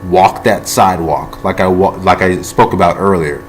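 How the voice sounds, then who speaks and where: Impassioned low-voiced man ranting. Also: normal speed, slight background noise. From United States. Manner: heated, repetitive, restarts and asides, swears. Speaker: political video blogger. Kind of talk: impassioned rambling monologue. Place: among his tools and toolboxes, like a workshop.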